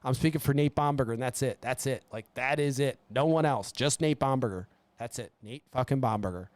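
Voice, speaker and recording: A man's voice: medium pitch, a little fast, no echo. Blunt, profane man ranting solo. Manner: swearing, blunt, rambling. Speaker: podcast host. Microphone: studio mic.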